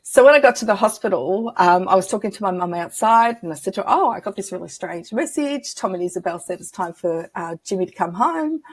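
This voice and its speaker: A woman's voice: medium pitch, lively intonation, brisk, hardly any pauses, husky, dry recording. A woman guest on an interview show, a spiritual medium telling personal stories in a chatty, reflective way and acting out the dialogue she remembers. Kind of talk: casual interview storytelling.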